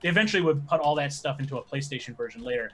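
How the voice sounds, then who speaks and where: A man, a podcast guest telling animated stories with quick asides. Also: medium pitch, slight background noise. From American Midwest. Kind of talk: casual podcast chat.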